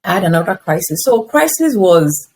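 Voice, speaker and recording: A woman in her fifties speaks as an interview guest, sharing a personal testimony. Her voice sits a little low and has a husky, breathy grain. She tells the story with animation and acts out what people said to her. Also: sing-song, moderate pace, darkish tone, rough recording. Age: 50s.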